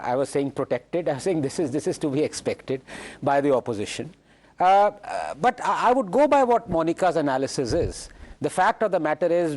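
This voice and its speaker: A man's voice: fairly high pitch, darkish tone. Sarcastic Indian man debating on TV. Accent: Indian English. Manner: sarcastic, quick to mock opposing views. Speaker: panelist on a news debate. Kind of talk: live TV panel debate.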